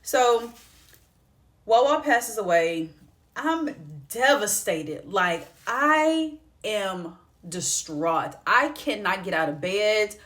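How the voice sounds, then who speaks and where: A woman's voice: medium pitch, expressive, extremely slow, fairly bright tone. A young woman vlogger telling a heartfelt personal story in a casual, conversational way, close to tears at times. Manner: tearful, heartfelt, conversational with slang. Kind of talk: emotional personal storytelling vlog.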